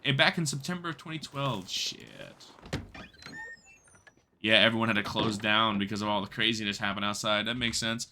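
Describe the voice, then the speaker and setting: Streaming a survival game, a young man talks fairly quickly in a fairly low voice, with a slight hiss or hum on the recording. He's animated and slangy, laughing, swearing a lot, and reading viewers' chat out loud.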